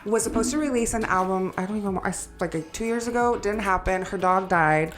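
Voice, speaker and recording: Young woman co-host, casual, enthusiastic, mid pitch. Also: brisk. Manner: casual, enthusiastic, swears freely. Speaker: podcast co-host. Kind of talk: casual chat.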